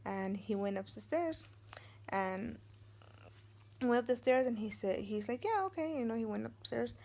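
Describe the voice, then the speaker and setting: A woman's voice: fairly high pitch, measured pace, creaky, dark tone. A woman in her forties, a vlogger and mother of three, telling a story casually, rambling with many fillers and restarts and acting out what others said.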